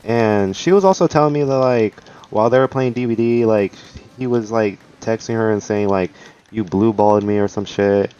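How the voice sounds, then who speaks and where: A man's voice: on the low side, normal speed, mellow, clean tone, dull audio. A young man streaming live, telling a rambling, profane story in casual chat, full of "like", with faint music behind him.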